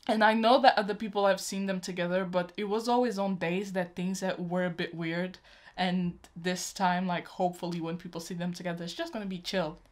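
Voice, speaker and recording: A woman's voice: lowish voice, steady tone, a little fast. A young woman hosting a reaction vlog, gushing and emotional as she talks to her viewers like friends. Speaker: YouTube reaction host. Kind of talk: excited casual reaction vlog.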